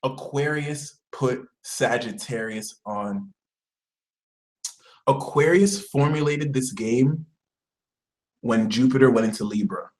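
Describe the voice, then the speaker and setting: A man, an astrologer, talking in a casual vlog with animated, comic storytelling. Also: medium pitch, slow pace, long pauses, low-quality recording.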